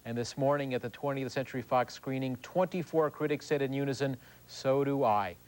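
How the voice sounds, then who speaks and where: A man's voice: medium pitch, steady tone, quick pace, darkish tone, rough recording. A man giving a sarcastic, joke-filled movie review as a television film critic. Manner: sarcastic, wisecracking.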